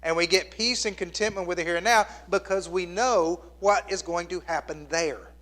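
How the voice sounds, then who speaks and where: Earnest man preaching, slightly high voice. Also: normal speed. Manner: earnest storytelling that drops to a hushed near-whisper at tender moments; plainspoken and conversational with the congregation. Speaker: pastor. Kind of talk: sermon.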